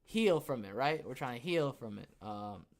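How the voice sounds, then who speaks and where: A young man hosting a casual livestream podcast, rambling and joking, who bursts into loud, excited outbursts. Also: medium pitch, moderate pace. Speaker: podcast host.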